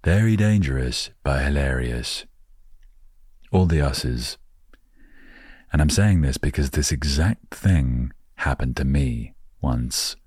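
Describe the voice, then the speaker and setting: An Englishman hosting a relaxed storytelling podcast, rambling playfully with jokey asides into a close microphone. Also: extremely low pitch, slow pace, breathy edge, no room sound. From England. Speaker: podcast host.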